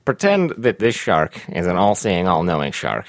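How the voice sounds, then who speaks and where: A man voicing a grumpy, self-absorbed old actor and acting teacher, gruff and rambling, swearing as he goes. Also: low voice, huge pitch swings, moderate pace, dry recording, clean studio sound, pitched below the performer's own voice, full character voice.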